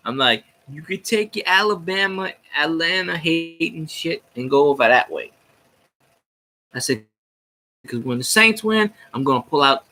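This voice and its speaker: A man's voice: fairly high pitch, big pitch swings, unhurried, long pauses, sharp tone. A man chatting casually on a livestream, ranting about football in a rowdy, profane, jokey way. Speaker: sports fan streamer. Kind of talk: casual rambling livestream chat.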